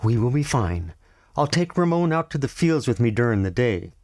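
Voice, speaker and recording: A man's voice: medium pitch, sing-song, moderate pace, darkish tone, dry recording, studio quality, natural voice. A man reading a novel aloud and voicing a protective village mother in a raised, urgent tone. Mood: calm. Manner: pleading, urgent.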